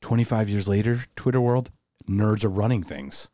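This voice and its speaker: A man's voice: fairly low pitch, normal speed, warm tone, no room sound, studio quality. A man co-hosting a casual podcast chat, laughing often and slipping into silly voices. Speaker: podcast co-host.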